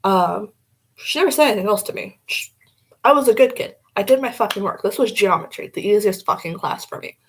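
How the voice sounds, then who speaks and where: A woman's voice: mid-range voice, animated, fairly quick, slightly rough, rough recording. A young woman vlogging casually as she does her makeup, blunt and rambling, swearing freely.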